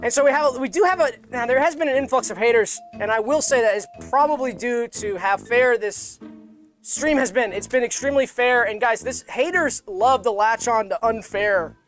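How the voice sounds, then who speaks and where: High-voiced man, rambling deadpan co-host. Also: moderate pace, faint music behind. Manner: rambling, mock-earnest, repeats himself. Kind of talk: deadpan comedy livestream chat.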